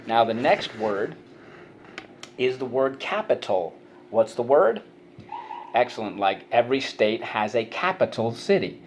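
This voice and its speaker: A man teaching a spelling lesson, encouraging and sounding out syllables slowly. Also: mid-range voice, a little mellow, slight background noise.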